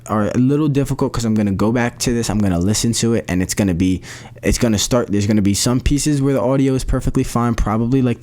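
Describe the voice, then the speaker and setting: A man's voice: lowish voice, darkish tone. A young man hosting his own podcast, talking casually in a slangy, rambling way with lots of restarts. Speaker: podcast host. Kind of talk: solo podcast update.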